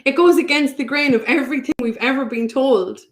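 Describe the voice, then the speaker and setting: A woman's voice: sits high, fairly quick. A woman, a podcast guest, speaking casually, teasing and laughing often. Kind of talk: casual conversation.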